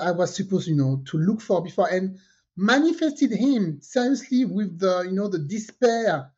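A woman tells a personal story in a relaxed podcast chat, slipping into the voices of the people she quotes. Her pitch sits in the middle range for a woman. The recording sounds a little dull and lo-fi. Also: normal speed, breathy edge. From French Caribbean. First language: French. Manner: lively storyteller who acts out quoted dialogue. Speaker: podcast co-host.

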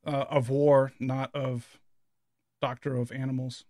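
Rambling stay-at-home dad, dry sound. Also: male voice, medium pitch, flat delivery, measured pace, a little mellow, dry recording. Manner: rambling storyteller, many fillers and restarts. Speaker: podcast co-host. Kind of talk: casual chat.

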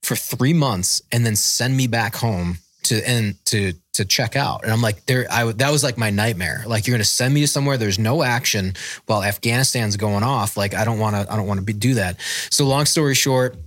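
A man in his thirties with a fairly low voice tells a rambling military story in casual interview talk. He swears freely and acts out the people he quotes. The sound is dry and close. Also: brisk, a bit bright, no echo. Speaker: podcast guest, former Marine.

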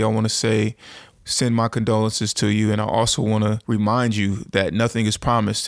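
A man in his thirties speaks to his audience in an earnest, reflective way, often restarting his sentences. His voice is flat and even, with a gravelly edge. The recording is dry and close, with no room sound. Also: on the low side, dry recording. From United States. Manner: earnest, halting, with many restarts and fillers. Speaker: motivational speaker and show host. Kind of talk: reflective personal monologue.

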